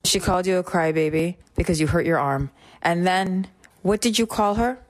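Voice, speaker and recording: A woman co-hosting a radio show, patiently and gently asking a child questions. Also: fairly low pitch, moderate pace.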